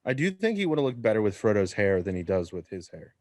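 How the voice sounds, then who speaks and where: A man chatting as a podcast guest, dropping quick, wry remarks. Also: lowish voice, sing-song, a little mellow, no room sound. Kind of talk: casual chat.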